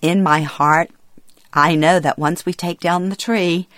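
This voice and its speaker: A middle-aged woman reading a personal memoir aloud, quiet, reflective and somber. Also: fairly low pitch, steady tone, unhurried, no echo, clean studio sound. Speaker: memoir narrator.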